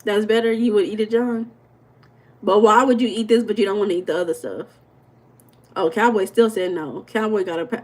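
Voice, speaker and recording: A woman's voice: medium pitch, darkish tone. Playful woman teasing her chat. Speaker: life coach and livestream host. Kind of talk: casual livestream talk to chat viewers.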